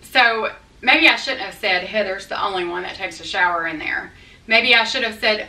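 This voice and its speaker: A middle-aged woman talks straight to her viewers, blunt and a little defensive, in a folksy manner. Her voice is bright and forceful. It rings in a roomy echo, as if she stands back from the mic. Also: mid-range voice, moderate pace, far from the mic. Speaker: vlogger addressing viewer comments. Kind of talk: candid talk to camera. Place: her house, indoors.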